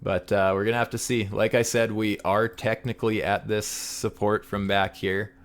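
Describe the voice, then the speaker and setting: Host, male, low voice, easygoing chart chat with lots of ums and laughs. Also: moderate pace. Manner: relaxed, laughs often, many fillers. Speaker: livestream host. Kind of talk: casual trading chat.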